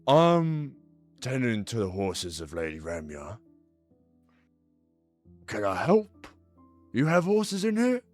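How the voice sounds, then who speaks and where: A man's voice: mid-range voice, wildly swooping pitch, slow pace, long pauses, soft background music, pitched above the performer's own voice. A man voicing a blunt, swearing stablehand who guards horses and loses patience with a drunk. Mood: mocking.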